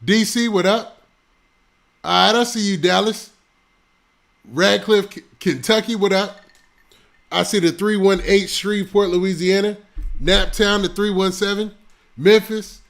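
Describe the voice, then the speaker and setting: A high-pitched, gravelly male voice hosts a casual live stream on a close mic. He runs through shout-outs to viewers in loose, laid-back slang. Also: fairly even intonation, unhurried, pauses often. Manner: shouting out viewers' locations one after another.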